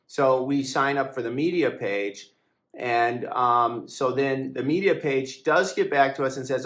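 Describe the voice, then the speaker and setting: A man talks in a rambling, aggrieved monologue, stopping often for fillers and restarting his sentences. His voice sits at an ordinary middle pitch. The room around him is echoey. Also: normal speed, a bit bright. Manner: hesitant, full of fillers and restarts; aggrieved, complaining. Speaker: website founder and editor. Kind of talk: casual monologue to camera.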